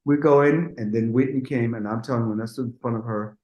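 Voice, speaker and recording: A middle-aged man, a music producer, telling anecdotes in a lively, casual way, acting out what people said and swearing freely. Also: mid-range voice, fast, reverberant, poor audio. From Denmark. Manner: animated, acts out quotes, swears freely.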